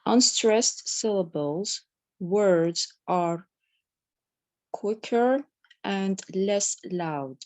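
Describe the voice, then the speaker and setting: A woman learning English, reading aloud in class with hesitant, halting delivery. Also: medium pitch, lively intonation, no echo. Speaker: language student.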